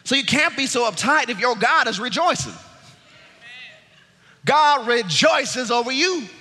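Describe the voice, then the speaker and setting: A man preaching a sermon as pastor, exuberant and laughing, often shouting to the congregation. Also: very high voice, lively intonation, a little slow, breathy edge, in a large hall. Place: church sanctuary.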